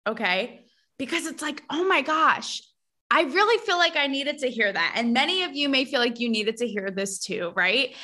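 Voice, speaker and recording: A woman hosting a podcast, talking in a casual, gossipy and animated way, full of sass and asides to her listeners. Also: sits high, normal speed. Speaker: podcast host. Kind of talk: casual chat.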